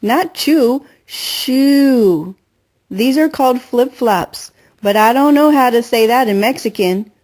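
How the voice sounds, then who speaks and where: A woman's voice: a little high, darkish tone, voice pushed up, natural voice. A woman doing a bubbly, chatty young girl. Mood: playful. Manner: fast bubbly chatter, teasing. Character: chatty playful girl, confident best friend. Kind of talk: audiobook character voice.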